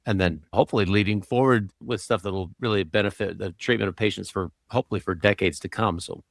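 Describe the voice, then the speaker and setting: A man's voice: lowish voice, steady tone, quick pace, creaky, dry recording, studio quality. A man hosting a doctors' podcast, asking questions in an encouraging, conversational way.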